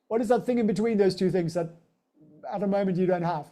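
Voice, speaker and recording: A man's voice: sits high, quick pace, mellow. A man hosting a livestream, teaching stock trading in a chatty, joking way and speaking straight to his viewers.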